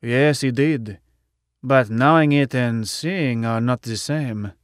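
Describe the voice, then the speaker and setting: A male audiobook reader voicing a formal, courteous gentleman from Earth who speaks slowly. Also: medium pitch, no echo, clean studio sound, natural voice. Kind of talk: audiobook character voice.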